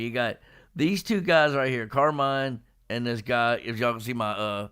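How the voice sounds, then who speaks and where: A man's voice: mid-range voice, clear, resonant tone. Guy breaking down a comic chapter with his buddies, laughs a lot, jumps into little character voices. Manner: animated, acts out characters' lines in quick impressions. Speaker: podcast host. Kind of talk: casual manga discussion.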